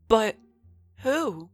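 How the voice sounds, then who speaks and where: A woman's voice: mid-range voice, dry recording. A woman at a casual voice recording session, retaking her lines and joking about them. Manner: self-conscious, retakes lines with laughs. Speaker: amateur voice actor.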